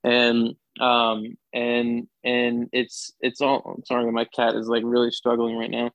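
A man's voice: medium pitch, monotone, measured pace, fairly bright tone, dry recording, highs cut off. A young man, a sports anchor, chatting casually as a podcast guest and often restarting his sentences with upbeat energy.

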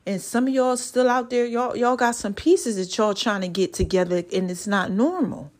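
A woman with a somewhat high voice hosts a solo podcast in a loose, chatty way. She talks straight to her listeners, calling them y'all and child, and testifies about her own life. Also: normal speed. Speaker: podcast host. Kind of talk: casual solo podcast talk.

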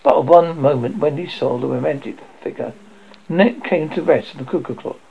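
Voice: medium pitch, normal speed, creaky. A reader doing an amateur storybook reading with frequent slips and restarts, on a dull lo-fi recording. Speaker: audiobook reader.

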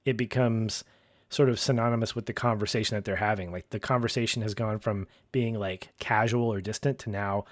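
Low-voiced guy on a podcast recapping a show, quotes the characters, dry close sound. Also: brisk, no room sound. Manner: animated, acts out characters' lines. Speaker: podcast co-host. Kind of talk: casual TV recap chat.

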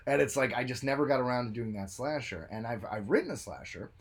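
A man co-hosting a podcast in casual chat, animated and jokey, who talks about his own film work. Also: mid-range voice, quick pace, vocal fry, slightly rough. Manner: animated, jokey, bursts into silly voices. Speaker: podcast co-host.

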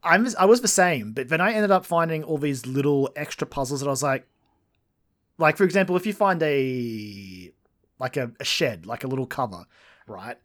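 A man's voice: mid-range voice, moderate pace, fairly bright tone. A man co-hosting a podcast in casual chat, teasing his co-host and laughing often.

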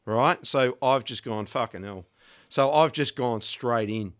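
A man's voice: medium pitch, a little slow, smooth. A man with an Australian accent, a music producer, telling a loose story full of fillers and swearing. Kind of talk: casual storytelling.

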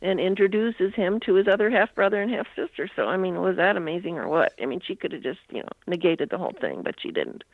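A woman's voice: fairly low pitch, expressive, quick pace, hardly any pauses, no echo. An older woman, a guest author, telling a long story in an interview and filling it with "you know" asides. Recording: tinny phone line.

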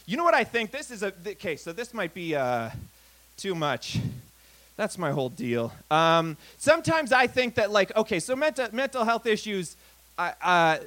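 A man performs a stand-up comedy set in a bar, speaking into a stage mic. His voice sits high for a man. He rambles and runs himself down, with constant fillers and frequent swearing. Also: fairly bright tone. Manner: rambling, filler-heavy, profane, self-deprecating. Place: comedy night in a bar venue.

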